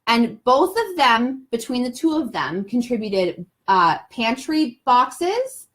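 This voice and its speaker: A woman's voice: a little high, sing-song, takes it slowly, a bit bright. Young woman guest, chatty and sincere, loose rambling live-stream talk. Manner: talkative, rambling and heartfelt. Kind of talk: casual live-stream chat.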